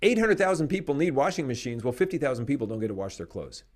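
A man in casual conversation, talking in an animated, opinionated way and laughing often. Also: mid-range voice, fast talker.

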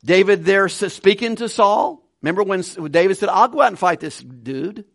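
A man preaching a conversational Bible study sermon with animated delivery and frequent chuckles. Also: sits high, moderate pace, no echo, studio quality. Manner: conversational, animated, laughs between points.

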